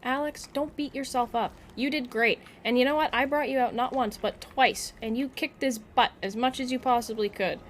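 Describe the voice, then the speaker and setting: A woman's voice: sits high, fairly even intonation, moderate pace, few pauses, slight background noise. A woman streamer chatting casually and playfully while she plays a video game. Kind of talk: casual gaming stream chat.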